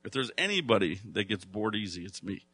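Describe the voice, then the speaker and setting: A man delivering a sermon in a bright, forceful voice. He talks conversationally, then swells into loud, emphatic stretches. The sound is dry and close. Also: on the low side, sing-song, brisk, slightly rough, no echo. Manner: conversational preaching, rising to loud emphatic bursts. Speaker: pastor.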